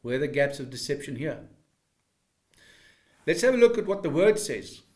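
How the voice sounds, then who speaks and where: An older man from South Africa gives a preachy talk to camera. He keeps asking rhetorical questions, and his voice sits a little high for a man. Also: big pitch swings, moderate pace, a little mellow. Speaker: commentator. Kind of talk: speaking to camera.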